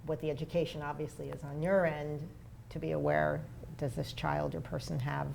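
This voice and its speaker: A woman's voice: low voice, little pitch movement, normal speed, creaky, darkish tone, slight background noise. A woman co-hosting a local talk show, thinking aloud in loose, rambling phrases and often affirming the guest. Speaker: co-host. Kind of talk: casual talk show conversation.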